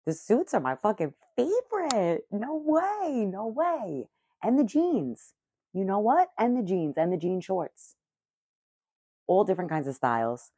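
A middle-aged woman vlogging in casual chat, excitable, profane and rambling. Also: lowish voice, measured pace, husky, no room sound, muffled recording.

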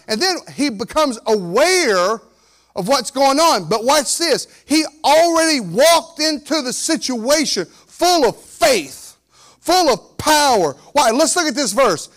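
Pastor, male, 40s, very high voice, animated sermon delivery with loud and soft swings. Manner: lively preaching that acts out the story characters, swinging from loud to quiet.

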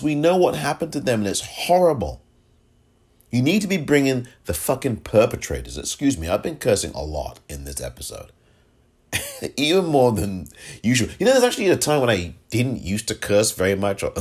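A man's voice: lowish voice, slightly rough. A man hosting a solo political podcast, ranting with exasperation, swearing freely and throwing in sarcastic asides. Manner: animated, exasperated, profane, quick sarcastic asides. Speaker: podcast host.

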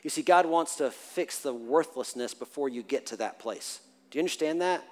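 A man's voice: on the high side, normal speed. Preaching man in a reverberant hall. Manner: animated, swings from hushed to loud laughing. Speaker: pastor. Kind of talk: sermon with a personal story. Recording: long hall reverb with faint music.

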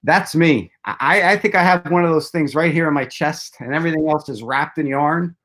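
Man, casual talk guest, storyteller with jokes, a bit high-pitched. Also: normal speed, fairly bright tone. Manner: rambling storyteller with self-deprecating jokes. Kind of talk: casual chat.

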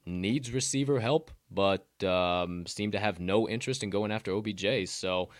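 A man's voice: lowish voice, moderate pace, no echo, studio quality. A man with a Southern accent co-hosting a casual sports betting podcast, loose and profane, with hyped sign-offs. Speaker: podcast co-host.

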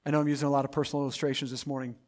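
A male pastor preaching a sermon, swinging from loud, emphatic build-ups to quiet, intimate asides. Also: medium pitch, flat delivery, racing.

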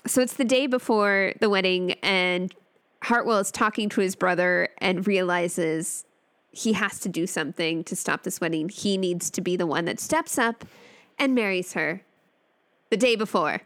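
A young woman co-hosting a podcast, recapping a book's plot casually with animated, laughing asides. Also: lowish voice, normal speed, smooth. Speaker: podcast co-host. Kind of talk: casual book chat.

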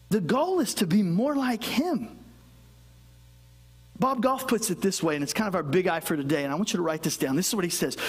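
A middle-aged man delivers a sermon as pastor, his voice sitting unusually high for a man. He tells animated stories and pokes fun at himself along the way. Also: husky. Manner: animated storytelling with self-deprecating humor.

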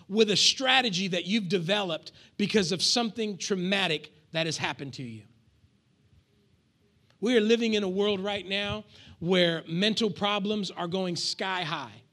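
High, bright-voiced preaching man. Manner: lively preaching with call-and-response and acted asides. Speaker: pastor. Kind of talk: sermon.

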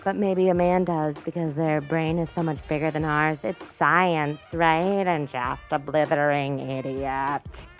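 A woman's voice: low-pitched, fairly even intonation, a little slow, few pauses, faint music behind. A young woman hosting a comedy podcast, rambling and self-mocking in a bubbly way. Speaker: podcast host. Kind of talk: comedy podcast monologue and sketch.

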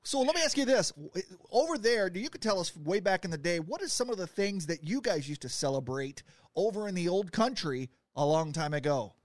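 A high-voiced man with a lively, swooping pitch co-hosts a rowdy comedy podcast. He throws in quick, playful quips. The recording is close and dry. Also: dry recording. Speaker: podcast co-host. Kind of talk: joking comedy podcast chat.

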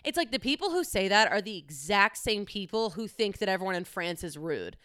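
A woman's voice: medium pitch, expressive, brisk, fairly bright tone, clear, resonant tone, no echo, clean studio sound. A young woman talking candidly on her own, chatty and casual, with frequent swearing. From United States. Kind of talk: casual solo monologue.

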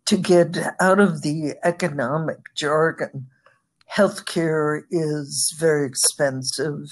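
A woman answering interview questions as an expert guest, measured and explanatory. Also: low voice, fairly even intonation. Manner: measured, explanatory, occasional laughs.

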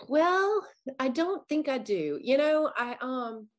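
Animated woman telling stories as podcast guest. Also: high-pitched, slow pace. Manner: animated storytelling with lively asides. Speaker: guest author. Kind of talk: casual podcast chat.

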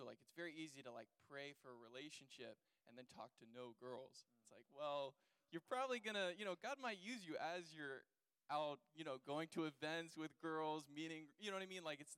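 A man's voice: a little high, a bit bright, clear, resonant tone, no echo, poor audio. A young man on a church panel, talking casually about faith and dating with plenty of "like" and "you know". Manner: rambling, many fillers like "like" and "you know".

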